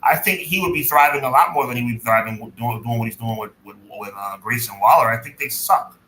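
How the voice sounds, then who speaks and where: A man's voice: mid-range voice, fast, a crowd in the background. A man co-hosting a casual podcast, agreeable, thinking aloud and repeating words as he goes. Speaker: podcast co-host. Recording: echoey room with faint noise.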